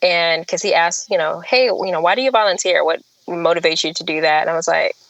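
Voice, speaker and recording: A woman's voice: fairly low pitch, fairly quick, no echo, lo-fi sound. Earnest woman telling her story, dry sound. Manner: earnest, chatty, laughs often, animated when quoting others. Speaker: author and podcast guest. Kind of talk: candid storytelling interview.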